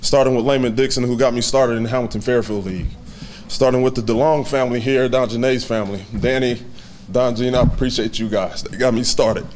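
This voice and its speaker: A man in his thirties giving a heartfelt, halting acceptance speech at a hall of fame banquet, fighting back tears and laughing softly. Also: mid-range voice, fairly even intonation, slight background noise.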